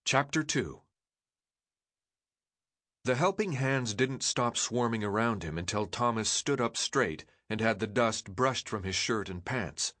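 Expressive male audiobook narrator. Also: medium pitch, measured pace, no room sound. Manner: expressive storytelling.

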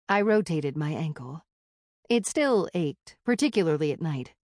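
A woman reading a first-person audiobook in a wry, measured storytelling manner. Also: sits low, expressive, a little mellow, no room sound, clean studio sound. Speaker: audiobook narrator.

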